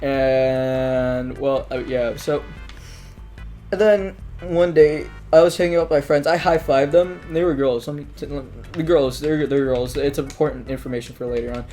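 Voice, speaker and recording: A man's voice: mid-range voice, normal speed, warm tone, soft background music. A man telling school stories in a casual, rambling monologue, full of filler words, restarts and offhand swearing.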